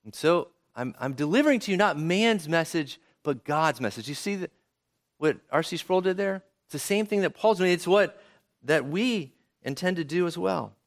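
A man's voice: on the high side, lively intonation, normal speed. A man preaching a sermon as a pastor, speaking conversationally and often checking in with rhetorical questions.

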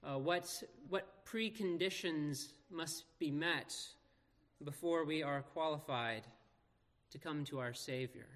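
With a fairly bright tone and a voice slightly higher than most men's, a pastor moves through scripture reading and sermon earnestly and deliberately. Slow pauses give his words weight as they echo through a large church hall's long reverb.

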